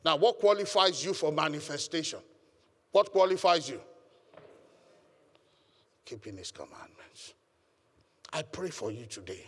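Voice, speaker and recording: A man's voice: fairly high pitch, expressive, unhurried, long pauses, husky, long reverb tail. A man preaching a sermon as pastor, emphatic and calling on the congregation to respond. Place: church hall.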